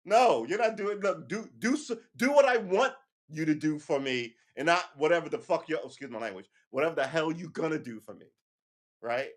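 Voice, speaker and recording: A man's voice: a little high, expressive, fairly quick. A man hosting a casual livestream, ranting with heated emphasis, swearing often and checking in with "right?" between points. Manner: keeps asking "right?" and laughs between points. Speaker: livestream host.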